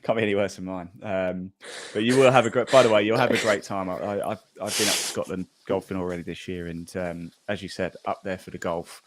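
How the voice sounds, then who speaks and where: A man's voice: deep voice, steady tone, fairly quick. A man hosting a golf podcast, chatting casually and reading out scores with fillers and laughs. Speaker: podcast host. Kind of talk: casual golf news chat.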